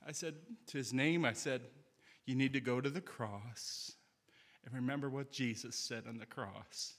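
A man's voice: medium pitch, moderate pace, fairly bright tone, in a large hall. A man preaching a sermon in a church sanctuary, earnest and telling stories with quoted dialogue.

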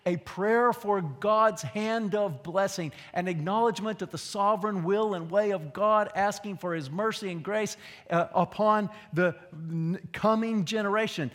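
Pastor guy preaching, chatty, goes quiet for asides then pushes up, slightly high voice, long echo in the church. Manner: conversational preaching, drops to a low aside and rises with emphasis. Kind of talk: sermon. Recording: long hall reverb.

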